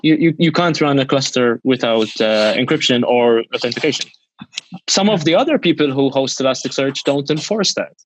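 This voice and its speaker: A man, an interview guest, talking rapidly in a casual chat with frequent stumbling restarts. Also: mid-range voice, animated, a little hiss or hum. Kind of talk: casual video call interview.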